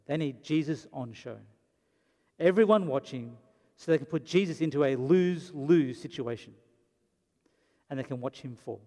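A man's voice: mid-range voice, dark tone. A man preaching a sermon, telling the story dramatically and briefly acting out the lines of the people in it. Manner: dramatic storytelling, acts out quotes. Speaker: pastor. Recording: long reverb of a hall.

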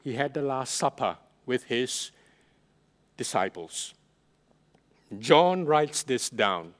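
Slow, emphatic male pastor preaching. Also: mid-range voice, lively intonation. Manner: emphatic preaching with swings in loudness; repeats and stresses key phrases. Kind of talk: sermon.

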